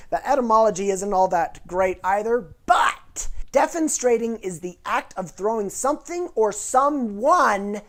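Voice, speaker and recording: A woman hosting a casual educational vlog, explaining things in a playful, nerdy way. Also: medium pitch. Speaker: host.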